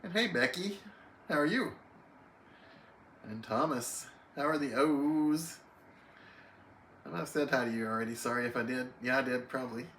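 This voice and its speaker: A man's voice: medium pitch, normal speed, pauses often, a bit bright, a little hiss or hum. A man hosting a casual livestream, greeting viewers one by one by name and chatting easily while reading the chat. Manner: friendly, reads chat names aloud, chatty. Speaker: livestream host. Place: home, alone on a live stream.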